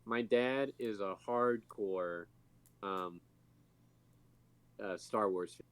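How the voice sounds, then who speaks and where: A man's voice: fairly low pitch, drawn-out words, clean tone. A man co-hosting a casual podcast, telling a rambling story with plenty of fillers. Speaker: podcast co-host. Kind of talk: casual chat.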